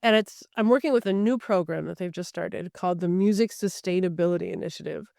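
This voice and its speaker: A woman's voice: fairly low pitch, fast talker, gravelly, darkish tone, no echo, clean studio sound. A middle-aged woman talking as a podcast guest, thoughtful and articulate, with easy laughter. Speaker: guest, recording artist. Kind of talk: podcast interview conversation.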